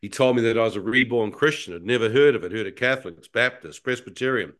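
A man in his sixties with a New Zealand accent tells his testimony at a middling pitch. He speaks emphatically and stumbles into quick restarts as he goes. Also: fairly bright tone. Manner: emphatic storyteller with frequent stammered restarts. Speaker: guest. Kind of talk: personal testimony in an interview.

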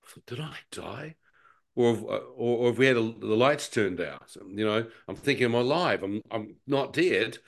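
Man, guest, animated storyteller who acts out his own thoughts, mid pitch. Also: normal speed, vocal fry. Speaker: guest telling a near-death testimony. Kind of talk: conversational personal testimony.

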